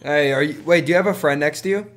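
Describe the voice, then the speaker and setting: A man's voice: fairly high pitch, fast. A young adult man, chatting casually with strangers in a crude, mocking, teasing way. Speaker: video chat prankster. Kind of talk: casual chat.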